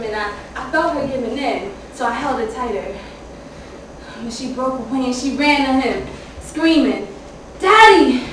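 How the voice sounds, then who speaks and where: A woman's voice: a little high, noisy background, natural voice. A woman playing a young mother telling a harrowing story in an intense stage monologue. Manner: intense dramatic monologue, shouting at peaks. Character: young mother telling of her children's father. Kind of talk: theater monologue. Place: theater stage. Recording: echoey hall from far off.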